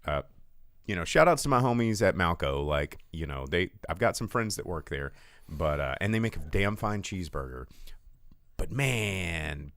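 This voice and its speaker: A man with a low voice telling a rambling story on a casual movie show. His pitch swings widely and he leans on fillers and false starts. The sound is dry and close, with no room echo. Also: moderate pace. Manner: animated storytelling, jumps high for quoted voices; rambling with many fillers and restarts. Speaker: podcast co-host.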